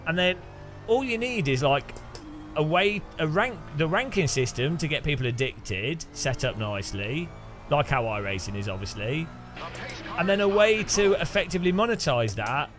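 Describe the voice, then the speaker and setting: Over music, a man hosts a casual sim racing gameplay commentary for his channel, rambling, joking, and laughing often between thoughts. His voice is fairly high and very animated, moving at a moderate pace.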